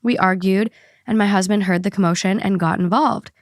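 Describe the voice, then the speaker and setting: A woman's voice: mid-range voice, steady tone, fairly quick, no room sound. Young woman podcast host, casual and chatty, close dry mic. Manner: chatty, reads posts aloud steadily. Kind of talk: casual podcast chat and story reading.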